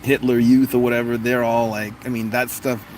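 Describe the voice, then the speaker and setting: Casual host in his 40s, not very deep voice, joking and laughing on a livestream, faint noise behind. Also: flat delivery, fairly quick, darkish tone. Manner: laughs often, jokes about putting on accents. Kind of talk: casual livestream chat reading comments.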